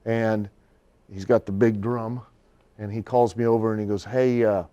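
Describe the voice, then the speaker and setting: A middle-aged man, a wrestler, telling a long anecdote in a casual interview, animated and laughing often. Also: fairly low pitch, normal speed, lo-fi sound.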